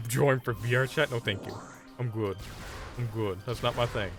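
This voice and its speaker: Mid-range and sharp-toned, this man's voice comes from a live game stream. He chats casually with his audience, bluntly dismissing their requests in offhand banter.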